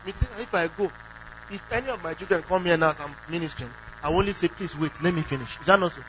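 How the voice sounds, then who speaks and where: A man's voice: sits high, animated, fast, fairly bright tone. A man preaching a sermon who asks the congregation questions and acts out quoted prayers. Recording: dull lo-fi recording with faint hum.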